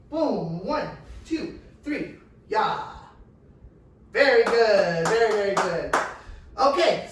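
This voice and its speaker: A man teaching a dance class, counting out steps and cheering the class on in an upbeat, encouraging way, laughing now and then. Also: sits high. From California. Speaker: dance instructor. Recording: far-off mic in an echoey room.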